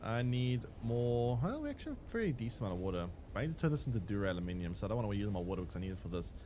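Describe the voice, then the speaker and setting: A young man talks loosely over his gameplay stream, answering chat and trailing off into fillers. His voice swings up and down with lively pitch, and a faint background hum sits under it. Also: racing. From South Africa. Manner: rambling, answers chat while playing, many restarts and fillers. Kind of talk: casual game livestream chat.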